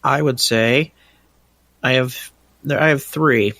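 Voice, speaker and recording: A man's voice: medium pitch, takes it slowly, a bit bright, dry recording. A man joining a casual podcast chat with matter-of-fact, wry remarks.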